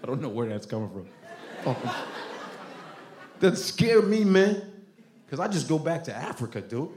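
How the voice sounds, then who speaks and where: A man's voice: mid-range voice, sing-song, brisk, darkish tone, a little hiss or hum. A man from Nigeria doing profane stand-up comedy on a club stage, often laughing through his lines. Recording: roomy club with crowd ambience.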